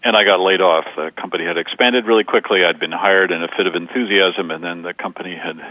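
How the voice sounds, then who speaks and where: Deep-voiced older male coach, lo-fi. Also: dry recording. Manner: measured, explains through stories and examples. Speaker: communication coach as guest. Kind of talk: interview answers. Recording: dull lo-fi sound.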